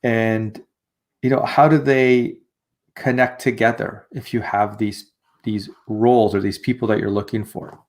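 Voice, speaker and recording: A man's voice: fairly low pitch, steady tone, a little slow, a little mellow. A man co-hosting a business podcast in casual chat, easygoing and jokey, steering with questions. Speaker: podcast co-host.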